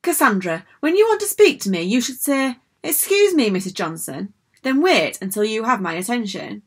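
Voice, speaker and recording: A woman's voice: medium pitch, animated, a little fast, bright, forceful tone, slightly rough. A woman voicing a strict, prim female school principal in a storybook reading, scolding in a proper tone.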